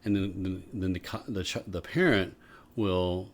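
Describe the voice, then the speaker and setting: A man co-hosting a podcast, explaining ideas in a measured, casual way. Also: low-pitched. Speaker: podcast co-host. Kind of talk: casual conversation.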